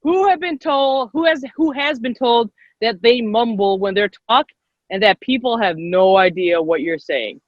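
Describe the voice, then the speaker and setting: A high-voiced young woman teaches a live online class for girls, upbeat and encouraging and quick to laugh. Her voice is dry and close, with the dull, muffled edge of a video call. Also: no room sound. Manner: upbeat and encouraging, repeats herself, laughs often. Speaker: workshop leader. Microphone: computer mic on a video call.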